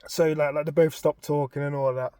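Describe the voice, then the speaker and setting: A man, casually retelling a story in an animated, expressive way. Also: fairly high pitch, brisk, clear, resonant tone, no echo, studio quality. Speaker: vlogger.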